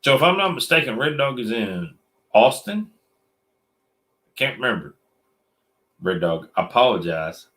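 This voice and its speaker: Man, bright forceful tone, joking drawl, casual livestream chat. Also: mid-range voice, big pitch swings, unhurried, long pauses. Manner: joking, drawling Southern talk. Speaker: livestream co-host. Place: metal shop.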